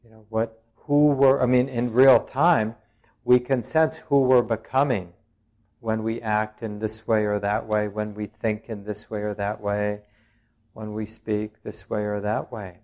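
A man, a meditation teacher, giving a dharma talk in reflective, searching phrases with frequent pauses and touches of gentle humour. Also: lowish voice, flat delivery. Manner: plain-spoken and gently humorous.

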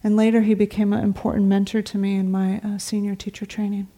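A middle-aged woman, a meditation teacher, giving a dharma talk in a meditation hall, telling stories conversationally and sometimes dropping to a soft whisper. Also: mid-range voice, little pitch movement, quick pace. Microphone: talk recording before a seated audience.

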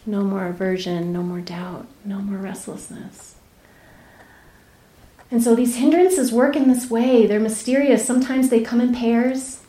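A woman meditation teacher giving a dharma talk, telling a personal story candidly, laughing often and dropping to soft, near-whispered asides. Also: a little high, measured pace, roomy sound. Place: retreat center meditation hall.

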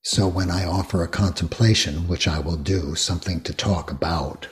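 An older man guiding a meditation talk, speaking slowly and gently with many long pauses. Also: sits low, fairly even intonation. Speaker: meditation teacher. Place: retreat hall.

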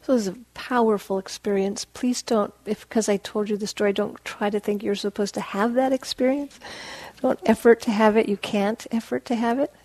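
A woman meditation teacher giving a dharma talk in a soft, gentle, unhurried voice that often drops to a hush. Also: medium pitch, fairly even intonation, no echo. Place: meditation hall.

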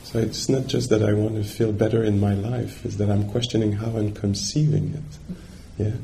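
A man's voice: fairly low pitch, little pitch movement, moderate pace, gravelly, dark tone, a little hiss or hum. A man giving a dharma talk as a meditation teacher, searching for words and checking in with his listeners.

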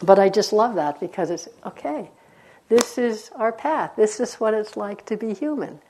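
A woman's voice: mid-range voice, normal speed, a little hiss or hum. A woman meditation teacher giving a dharma talk, telling stories in a conversational way with frequent laughter. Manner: warm conversational storytelling, laughs often.

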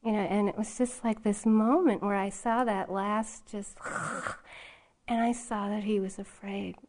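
Woman meditation teacher, casual storyteller, quick to laugh, informal talk to a retreat audience. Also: mid-range voice, fairly even intonation, darkish tone. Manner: conversational storytelling with frequent laughter. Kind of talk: dharma talk. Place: retreat hall.

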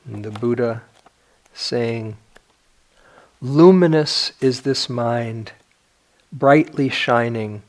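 This is an older man's dharma talk, given in his role as a meditation teacher. His medium-pitched delivery is reflective, with soft pauses and restarts.

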